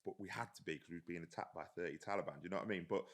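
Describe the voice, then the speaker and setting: A man's voice: sits low, very fast. A man, an army veteran, telling stories in a casual, rambling way and swearing freely. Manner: rambling, swears freely, often says "do you know what I mean". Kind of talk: casual storytelling in a podcast chat.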